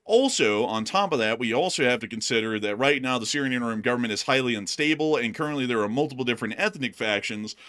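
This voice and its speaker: A man's voice: mid-range voice, fast, few pauses, fairly bright tone. A man out of breath, hosting a live news stream from his home studio in a chatty, rambling way, calling his viewers folks. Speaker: news livestream host. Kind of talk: casual live news commentary.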